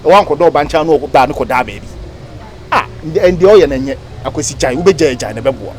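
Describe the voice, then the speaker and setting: Male actor as a lively, quick Ghanaian friend, insistent, somewhat high voice. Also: crowd noise, close to an everyday voice. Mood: scolding. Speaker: friend giving advice. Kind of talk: Ghanaian comedy film acting.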